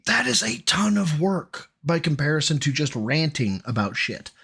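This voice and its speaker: A man's voice: a little high, big pitch swings, normal speed, creaky, fairly bright tone, breathy edge. A man hosting a live stream, ranting bluntly and swearing, reading out donations between rants. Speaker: streamer host.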